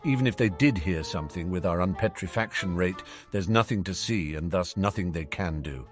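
A man voicing a cocky, sarcastic teenage boy wizard with smug, quick-witted banter. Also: low-pitched, faint music behind, lightly acted.

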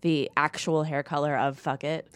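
A woman's voice: sits low, little pitch movement, normal speed, clean tone, dry recording. A woman from Minneapolis with a Minnesota accent, hosting a casual comedic chat and joking in playful put-on voices. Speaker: podcast host.

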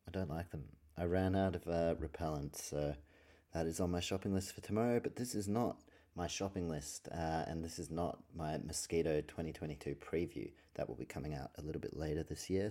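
At night in his room, a deep-voiced, mellow man hosts a podcast of casual solo sports talk. He rambles, swears a lot, and easily gets sidetracked.

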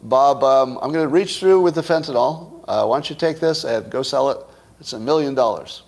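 A man's voice: medium pitch, fairly quick, gravelly, darkish tone. A man voicing a casual male smuggler, talking in an offhand way and full of fillers. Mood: breezy. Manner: breezy, offhand, filler-laden. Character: casual male smuggler passing goods through fence.

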